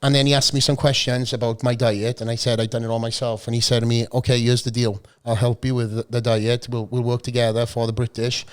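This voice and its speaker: A Welsh man in his forties, a bit hoarse from a cold, chatting as a podcast guest and telling stories full of swearing and jokes. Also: medium pitch, little pitch movement, fast talker, few pauses. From South Wales. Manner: swearing, storytelling, joking. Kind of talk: casual chat. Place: podcast studio.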